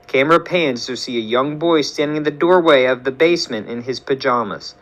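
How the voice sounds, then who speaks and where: A man's voice: medium pitch, brisk, hardly any pauses, fairly bright tone. A man narrating a story script, reading scene directions in a plain storytelling way.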